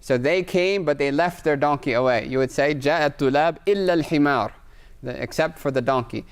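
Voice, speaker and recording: A man's voice: mid-range voice, steady tone, a little fast, clean tone. A man teaching Arabic grammar in a live class, explaining step by step, checking in with a constant "right?", and reading Arabic phrases aloud. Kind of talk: live online class lecture with Q&A.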